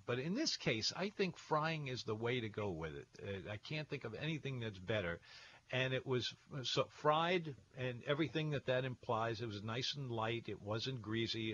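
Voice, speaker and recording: A man hosting a radio call-in show, talking in a relaxed way with plenty of pauses and fillers. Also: medium pitch, muffled recording, slight background noise. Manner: relaxed, hesitant with many fillers.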